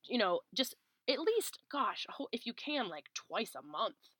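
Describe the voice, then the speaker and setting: Bright, emphatic woman podcast co-host. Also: fairly high pitch, very animated, unhurried, slightly rough, dry recording. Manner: emphatic, swears freely, builds lists. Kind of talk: casual chat.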